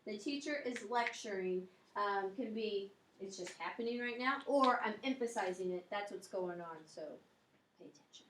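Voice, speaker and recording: A woman's voice: mid-range voice, normal speed, fairly bright tone, echoey room, slight background noise, rough recording. A woman Spanish teacher giving a classroom grammar lecture, explaining step by step and checking in often with "okay?" and "um".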